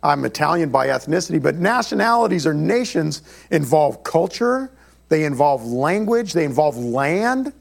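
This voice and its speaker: An American man, a pastor, preaching a sermon in a church in an animated, conversational storytelling way. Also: on the high side, normal speed, gravelly. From United States.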